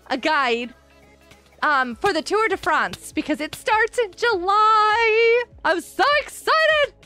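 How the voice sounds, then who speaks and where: A woman streaming a game live, giggling often and reacting excitedly while greeting her viewers. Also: very high voice. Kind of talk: live-stream gameplay commentary.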